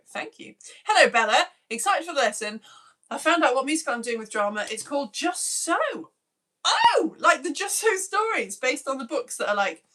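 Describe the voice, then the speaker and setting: A woman's voice: on the high side, pushed and bright. A woman in her thirties, a teacher, chatting on a live stream and greeting children by name in a bubbly, self-mocking way. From United Kingdom. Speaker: teacher reading out viewer messages.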